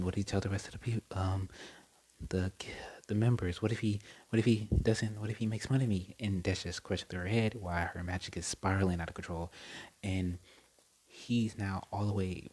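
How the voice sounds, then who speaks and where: A man's voice: sits low, darkish tone, husky, low-quality recording. A young man casually retelling a story, rambling with lots of fillers and self-corrections. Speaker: storyteller retelling a fan scenario.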